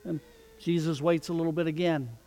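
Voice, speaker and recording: Male preacher, high voice, slow deliberate sermon delivery, hall reverb. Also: fairly even intonation, warm tone.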